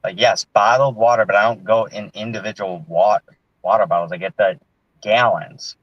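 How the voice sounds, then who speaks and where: A man appearing as a guest in casual chat, talking in a laid-back, matter-of-fact way. His voice sits low, and the sound is dry and dull, like lo-fi remote audio. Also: fairly even intonation, moderate pace, no echo.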